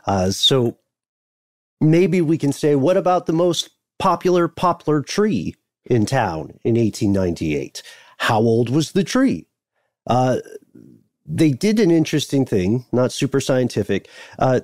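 A man co-hosting a podcast, telling a history story in a wry, digressive, casual way with many pauses. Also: medium pitch, darkish tone, no room sound, studio quality. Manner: wry, digressive, thinking aloud with fillers. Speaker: podcast co-host.

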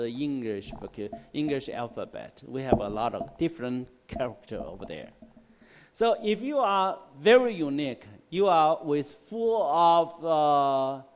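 A male English teacher giving a classroom lecture on word roots, explaining slowly and repeating himself, often checking with "right?" and "okay?". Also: on the high side. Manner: slow, repetitive explaining with frequent "right?" and "okay?". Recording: long hall reverb in a classroom.

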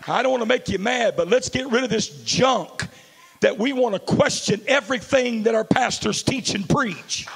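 A male pastor preaching a sermon in a large church, moving from hushed storytelling to shouted declarations. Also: very high voice, normal speed, vocal fry.

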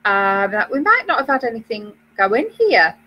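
Bright, chatty British woman. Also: on the high side, very animated, moderate pace, faint music behind, rough recording. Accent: British English. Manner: chatty, rambling, many fillers and restarts. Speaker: co-host of a knitting web show. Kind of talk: casual chat.

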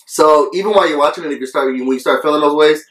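A man's voice: fairly high pitch, quick pace, fairly bright tone, echoey room, low-quality recording. A man talking earnestly in a casual vlog review, coughing between phrases and repeating himself for emphasis. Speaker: video reviewer.

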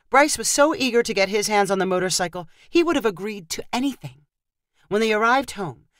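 Woman, storyteller, lively melodic delivery, dry close-mic sound, scripted narration. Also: medium pitch, no echo. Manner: expressive storytelling, lively intonation.

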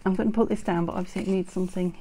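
Gravelly-voiced British woman crafting. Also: fairly low pitch, fairly even intonation, rapid-fire, slight background noise. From United Kingdom. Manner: chatty, self-mocking, drops into soft murmurs while working. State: slightly out of breath from heat. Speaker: craft vlogger. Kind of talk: casual crafting chat. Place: home craft room with door shut.

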